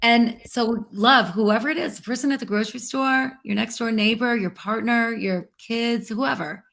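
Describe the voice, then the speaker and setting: A woman interview guest talking in an earnest, reflective way, slowing down to stress key words. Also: a little high, creaky, fairly bright tone. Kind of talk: heartfelt interview conversation.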